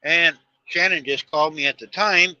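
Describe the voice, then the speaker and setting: A man's voice: on the high side, moderate pace, sharp tone, dry recording, muffled recording. A man, chatting casually on a live stream from his truck cab as he drives, telling stories in a rambling, folksy way. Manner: rambling storyteller, folksy talk. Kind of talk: casual live-stream chat while driving.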